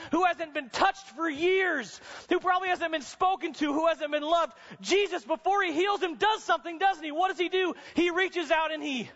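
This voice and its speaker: A man preaches a sermon in a large hall, telling vivid stories and at times climbing to a shout. His voice is high and bright. The recording sounds dull, with a long reverb hanging in the room. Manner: dramatic storytelling preacher, voice rising to shouts. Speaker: chapel speaker.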